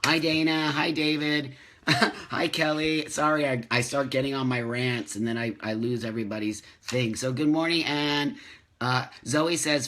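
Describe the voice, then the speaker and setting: A man's voice: mid-range voice, fairly even intonation, measured pace, sharp tone. A man hosting a live morning chat, reading out viewer comments and ranting emphatically, repeating phrases for stress. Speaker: host of a live morning show.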